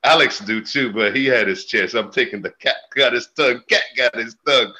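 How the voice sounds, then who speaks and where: A man reading spiritual cards who rambles in a chanting stream of wordplay, with sudden laughs and jumps in pitch. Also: brisk, pushed and bright, poor audio. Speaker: spiritual reader. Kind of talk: freewheeling mystical rambling.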